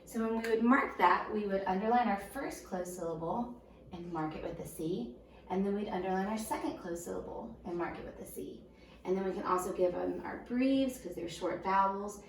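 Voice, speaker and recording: Woman teacher sounding out syllables. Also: mid-range voice. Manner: patient, slow, sounds words out in syllables. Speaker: first grade teacher. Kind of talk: recorded home lesson for young children. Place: home room. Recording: roomy echo, voice a bit far from the mic.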